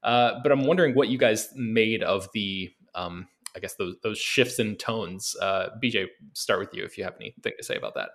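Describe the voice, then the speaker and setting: A man from the American South hosting a casual film podcast, talking with many pauses and restarts. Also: fairly low pitch, a bit bright. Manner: hesitant, many ums and restarts. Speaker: podcast host.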